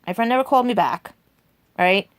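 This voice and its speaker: A woman's voice: medium pitch, expressive, fairly quick, no room sound. Chatty forty-year-old woman, dry sound. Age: 40s. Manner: chatty, repeats "right?" and "and everything". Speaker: vlogger. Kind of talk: rambling personal storytime.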